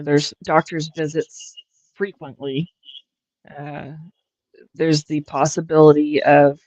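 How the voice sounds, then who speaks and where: A woman hosting a livestream, chatting casually in a halting way with frequent restarts and fillers. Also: low voice, a little mellow, no echo, low-quality recording. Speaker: livestream host. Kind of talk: casual chat.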